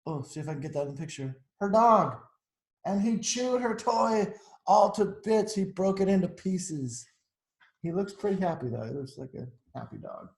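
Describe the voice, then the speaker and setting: A man's voice: sits high, lively intonation, normal speed, creaky, a little mellow, reverberant, rough recording. A man reading a picture book aloud to children, chatting about the pictures as he goes. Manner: chatty, adds asides to the pictures. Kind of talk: storytime read-aloud.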